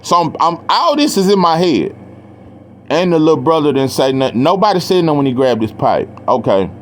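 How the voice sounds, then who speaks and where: A man's voice: a little high, sing-song, a little fast, a little hiss or hum. A young man casually telling a profane story, acting out the quotes in a raised voice. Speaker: storyteller guest.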